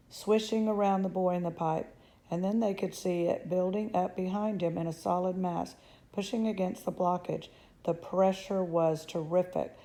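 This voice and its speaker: Woman narrator for a children's book reading, expressive, mellow grainy tone. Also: on the low side, creaky, rough recording. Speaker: storybook reader. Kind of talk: reading a children's novel aloud.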